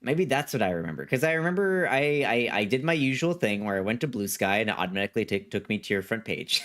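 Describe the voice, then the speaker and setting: This gaming livestreamer talks fast with few pauses, his voice on the low side, animated and fairly bright. He rambles through casual chat with his viewers, reading their messages and repeating himself a lot.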